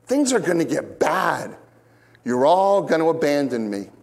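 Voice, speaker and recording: A man's voice: unhurried, creaky, in a large hall. A man preaching a conversational expository sermon, who acts out quoted lines in bigger voices and often restarts his sentences. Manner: animated, acts out quoted lines with big pitch jumps. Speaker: pastor.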